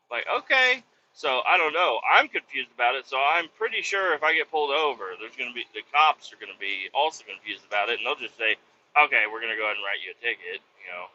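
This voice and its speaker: A man's voice: medium pitch, brisk, dull audio. A man from Kansas, a truck driver, telling profane, rambling stories from his cab while driving and acting out the voices of people he quotes. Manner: profane, animated, acts out quotes. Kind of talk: casual rambling storytelling.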